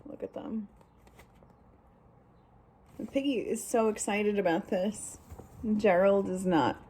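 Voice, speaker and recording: A woman teacher reading a picture book aloud to young students, animated and instructive, then giving them a drawing task. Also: mid-range voice, slow, husky, rough recording.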